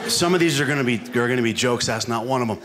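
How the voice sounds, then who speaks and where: A male comedian drags out his lines with a deadpan delivery. A loud crowd and heavy noise fill the room. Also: mid-range voice, rapid-fire. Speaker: stand-up comedian. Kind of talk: stand-up comedy routine.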